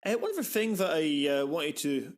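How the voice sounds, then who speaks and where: A man hosting a film podcast, talking in an animated, rambling way and swearing freely. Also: a little high, moderate pace. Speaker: podcast host. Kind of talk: casual film discussion.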